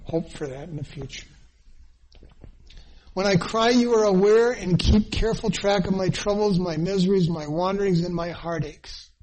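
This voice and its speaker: A man's voice: high voice, moderate pace, darkish tone, rough recording. A man preaching a sermon, earnest and dwelling on phrases with emphatic repetition. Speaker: pastor.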